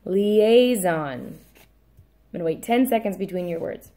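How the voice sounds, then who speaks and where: A woman teacher dictating a spelling test. She says each word slowly and repeats it, adds brief asides, and apologizes when she corrects herself. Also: fairly low pitch, expressive, dark tone.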